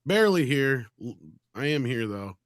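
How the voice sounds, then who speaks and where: A man's voice: medium pitch, expressive, normal speed, a bit bright, no room sound, clean studio sound. A man hosting a casual panel chat, joking easily as he introduces his guests. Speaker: show host.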